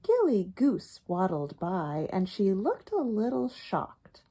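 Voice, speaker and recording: Woman storyteller for kids' read-aloud: slow, expressive, lively pitch, chats with the listener. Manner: pauses to comment and ask listeners questions; animated, expressive reading. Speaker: storyteller reading a picture book. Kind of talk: picture-book read-aloud for children.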